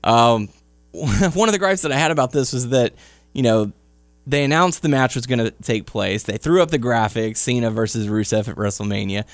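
A man from Southeast Texas hosting a casual wrestling podcast, recapping with quick asides. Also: medium pitch, dry recording. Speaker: podcast host.

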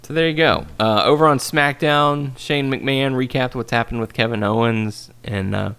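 A man's voice: medium pitch, vocal fry, a bit bright, clear, resonant tone. A man hosting a podcast, recapping in a casual chat with many fillers. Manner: recaps wrestling news quickly with many fillers. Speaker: podcast host.

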